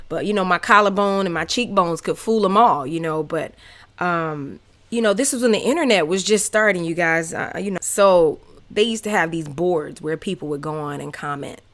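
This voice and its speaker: A woman in her thirties with a Southern American accent hosts her own podcast and tells stories from her life. Her voice sits a little low, and she talks candidly and with energy, full of fillers and asides. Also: normal speed. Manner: candid, animated, many fillers. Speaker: podcast host. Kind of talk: casual personal storytelling.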